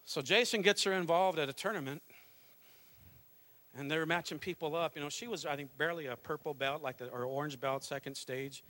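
A middle-aged pastor preaching a fervent sermon, mixing calls to worship with a conversational family story. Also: male voice, fairly high pitch, brisk, sharp tone. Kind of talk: Pentecostal sermon.

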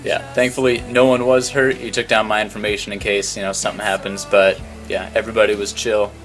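Dry, teasing low-voiced man. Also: little pitch movement, fast, a bit bright, faint music behind. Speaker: podcast co-host. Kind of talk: casual podcast chat.

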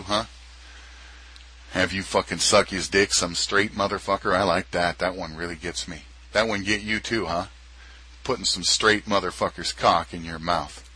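Husky, forceful low-voiced man taunting. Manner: taunting, crude and sneering, with frequent chuckles. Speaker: podcast host. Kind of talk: explicit adult audio monologue.

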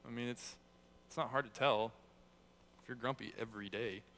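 A man's voice: mid-range voice, steady tone, moderate pace, fairly bright tone, a little hiss or hum. A young man giving a casual, conversational sermon, telling stories with self-deprecating humor. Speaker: youth speaker.

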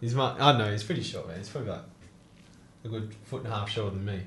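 A man's voice: on the low side, rapid-fire, a bit bright, echoey room, a little hiss or hum. A young man telling stories in casual chat, laughing and swearing often. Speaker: co-host.

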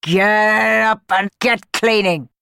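Woman playing a cruel storybook sweep master, slow, loud and mocking. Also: on the low side, no room sound, studio quality, exaggerated voice. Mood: menacing. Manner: menacing, mocking. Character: snarling brutish master chimney sweep man.

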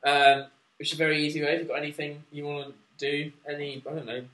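An English man with a slightly high, level voice co-hosts a casual podcast, talking fast in a bright, forceful tone. Chatty and giggly, he plugs the show at a studio mic in a small, echoey room.

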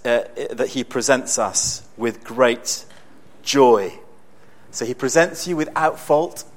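A man preaching a sermon in a conversational, storytelling way with bursts of excitement. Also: mid-range voice.

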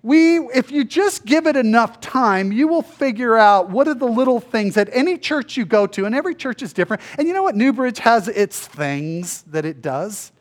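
A male pastor giving a conversational sermon, acting out the people in the story in quick voices. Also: very high voice, animated. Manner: conversational, acts out biblical dialogue in voices.

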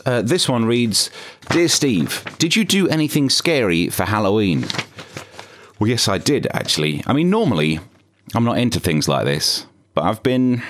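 A British man hosting a comedy podcast, with dry, sarcastic asides in a deadpan monologue. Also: medium pitch. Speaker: podcast host.

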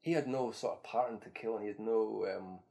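A man co-hosting a podcast in loose, profane casual chat, now and then bursting into loud excitement. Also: on the low side, brisk, vocal fry. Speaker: podcast co-host.

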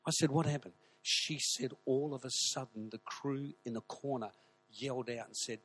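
A man preaching a sermon, telling stories with animated energy and shouting at the high points. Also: moderate pace. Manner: animated storytelling, shouting at peaks. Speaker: pastor.

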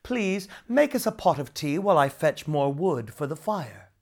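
Reader doing a soft-spoken kind husband, slow and mild, storybook style. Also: mid-range voice, big pitch swings. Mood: kindly. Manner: soft, slow and kindly, sometimes pleading. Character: gentle, patient husband. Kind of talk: storybook read-aloud.

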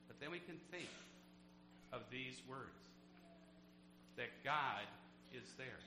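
A man's voice: medium pitch, expressive, slow pace, long pauses, pushed and bright. A man preaching a sermon to his congregation as pastor, earnest and asking them questions. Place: church sanctuary. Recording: echoey church with background hum.

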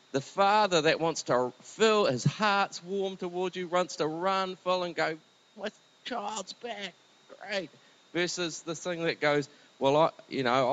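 A man's voice: a little high, a bit bright, rough recording. Man preaching in a conversational tone. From New Zealand. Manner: earnest, conversational preaching with slow emphatic phrases. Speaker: pastor. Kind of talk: sermon.

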